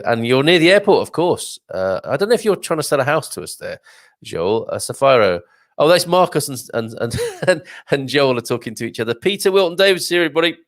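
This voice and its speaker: Here the host has a mid-range voice, recorded cleanly in the studio without echo. He runs a casual live show, rambling over viewer comments with jokes and laughter.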